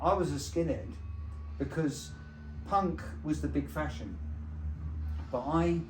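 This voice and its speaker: A man's voice: fairly high pitch, lively intonation, slow, far from the mic. Swearing English man in his sixties. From England. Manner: swears often, rambling storytelling. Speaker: guest. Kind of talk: casual chat. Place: indoors at a pub. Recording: echoey room with music behind.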